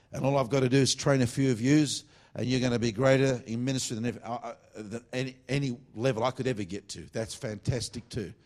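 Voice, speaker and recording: A man's voice, pitched in an ordinary middle range, carries a revival sermon at a church meeting. He shifts abruptly from loud, fervent bursts down to low, confiding asides.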